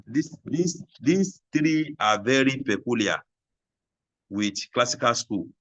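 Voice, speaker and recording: A man teaches a class and pauses on key terms. He repeats them slowly several times so students can take notes. His voice sits at an ordinary middle pitch, and he often poses a question before answering it himself. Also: expressive, fairly bright tone, dull audio. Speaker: lecturer. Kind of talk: classroom lecture.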